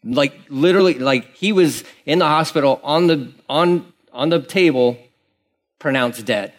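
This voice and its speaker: A man's voice: fairly high pitch, measured pace. A man, a pastor, preaching a conversational sermon in a casual, rambling storytelling manner with many fillers and restarts.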